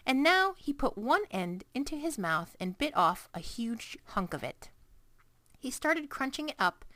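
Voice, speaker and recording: A woman reads a children's story aloud with a bright, clear tone and a voice that rises and falls with lots of life. The sound is close and dry, with no room echo. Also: a little high. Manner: expressive, lively storytelling. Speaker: narrator. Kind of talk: storybook reading.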